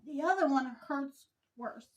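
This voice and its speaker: A woman delivers an opinion commentary monologue with pointed indignation. Her voice sits high, and she takes her time and stresses each point deliberately. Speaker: vlogger.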